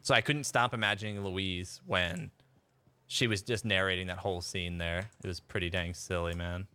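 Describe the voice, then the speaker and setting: A man with a deep, smooth voice speaks at a moderate pace with fairly even intonation, his tone bright and forceful. He's streaming a game and chatting casually, rambling, laughing, and reading chat aloud.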